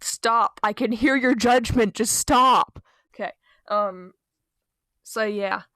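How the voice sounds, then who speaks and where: A young woman telling funny childhood stories in a casual, rambling voice-over, mocking herself and drifting into quiet asides. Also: a little high, slow pace, no echo, studio quality. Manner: rambling, self-deprecating, trails off into quiet asides. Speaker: storytime channel host. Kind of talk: casual storytime narration over a speedpaint. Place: small bedroom. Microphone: home recording mic, voice-over.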